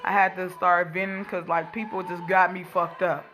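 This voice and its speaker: A woman's voice: fairly low pitch, little pitch movement, normal speed, a bit bright. A woman from Texas in her thirties, venting in a blunt, profane, emphatic unscripted rant. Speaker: vlogger venting on camera.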